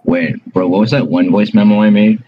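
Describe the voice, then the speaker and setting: A man's voice: lowish voice, fairly even intonation, a little fast, husky. A young man co-hosting a casual podcast, laid-back and slangy. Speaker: podcast co-host. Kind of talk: casual chat. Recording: dull lo-fi mic with faint noise.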